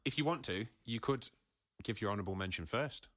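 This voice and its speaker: A man's voice: fairly low pitch, expressive, fairly quick, fairly bright tone, no room sound, studio quality. A man co-hosting a podcast, asking questions and chatting enthusiastically. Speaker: podcast co-host. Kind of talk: casual chat.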